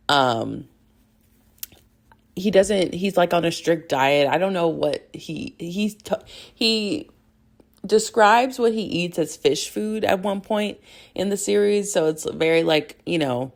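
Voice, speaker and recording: A young woman hosting a podcast, recapping a show in a rambling, giggly, excitable way. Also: sits low, vocal fry. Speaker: podcast host. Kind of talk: casual fangirl recap.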